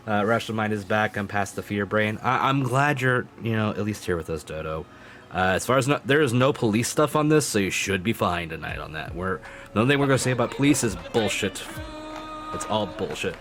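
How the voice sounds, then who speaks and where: A man's voice: fairly low pitch, animated, fairly quick, a bit bright, soft background music. A man streaming live, chatting casually with his viewers, swearing freely and laughing often.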